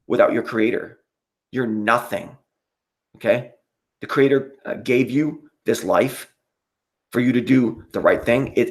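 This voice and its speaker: Profane, worked-up male stream host. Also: mid-range voice. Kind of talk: casual live stream rant.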